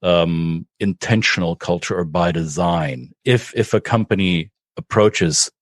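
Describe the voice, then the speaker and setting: Deep-voiced German man, measured. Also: dry recording, studio quality. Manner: thoughtful, measured explanations with frequent restarts. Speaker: guest. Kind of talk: podcast interview.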